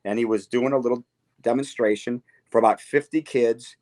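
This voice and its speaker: A man guest telling a lively story in a casual interview, acting out quoted lines. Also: medium pitch, normal speed. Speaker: guitarist guest.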